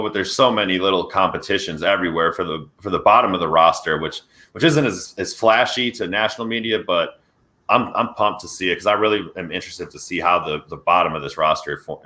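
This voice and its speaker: Brief: male co-host, low and bright voice, energetic casual football talk. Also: a little fast. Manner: energetic, conversational football analysis. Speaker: podcast co-host. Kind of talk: casual sports podcast discussion.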